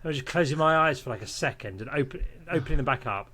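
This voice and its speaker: A man's voice: medium pitch, expressive, fast, bright, forceful tone, husky. A man, a podcast guest, telling a long casual anecdote, rambling with restarts and breaking into laughter.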